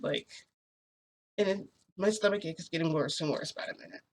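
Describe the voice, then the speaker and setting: A woman's voice: sits low, lively intonation, normal speed, long pauses. A young woman vlogger telling a casual story, rambling and full of "like" fillers.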